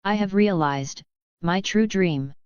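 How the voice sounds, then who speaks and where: A woman's voice: medium pitch, slow, darkish tone, clear, resonant tone, no echo, natural voice. A woman voicing a brash, theatrical young man who declaims grandly. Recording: dull lo-fi audiobook audio.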